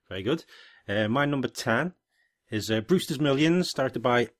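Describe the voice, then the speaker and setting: A man's voice: mid-range voice, animated, measured pace, dry recording, clean studio sound. A man co-hosting a casual film chat, teasing and egging on his partner. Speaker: podcast co-host. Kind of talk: casual chat about films.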